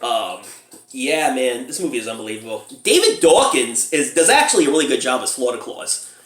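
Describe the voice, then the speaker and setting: A man's voice: big pitch swings, a little fast, fairly bright tone. Laughing man reviewing a movie, echoey room. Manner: laughs often while retelling scenes, mimics characters in high squeals.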